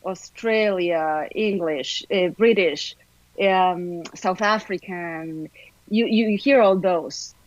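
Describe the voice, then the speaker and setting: A woman from Argentina with an Argentine Spanish accent, an actor chatting as an upbeat, animated podcast guest. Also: lowish voice, slow, no echo, muffled recording. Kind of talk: casual interview chat.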